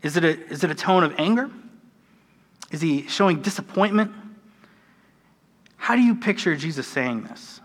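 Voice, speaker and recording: A man's voice: fairly high pitch, lively intonation, moderate pace, pauses often, a bit bright. An American man preaching a conversational, earnest sermon, with a self-deprecating manner. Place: church sanctuary. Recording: church hall with long reverb.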